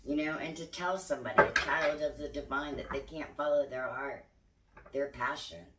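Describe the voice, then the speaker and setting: A woman's voice: sits low, fairly even intonation, moderate pace, a bit bright, far from the mic. An older woman, a grandmother, speaking candidly and earnestly in a reflective spiritual vlog. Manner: candid, earnest, occasionally swears. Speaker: spiritual vlogger. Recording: roomy sound, voice away from mic.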